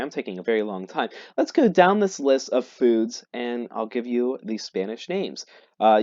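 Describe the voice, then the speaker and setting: A man teaching a vocabulary lesson, explaining and repeating each word slowly. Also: medium pitch, no room sound. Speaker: Spanish teacher. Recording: dull lo-fi dry recording.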